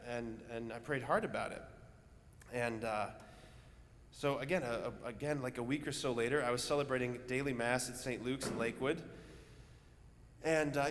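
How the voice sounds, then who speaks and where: A man's voice: medium pitch, slight background noise. A young adult male priest giving a homily, telling a story conversationally with many fillers and restarts. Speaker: parish priest. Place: large church. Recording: church reverb with faint ambience.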